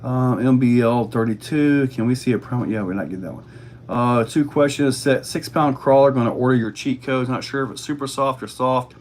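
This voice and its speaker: A man's voice: mid-range voice, brisk, a little mellow, a little hiss or hum. A man hosting a casual livestream, reading chat questions aloud and answering in a laid-back way.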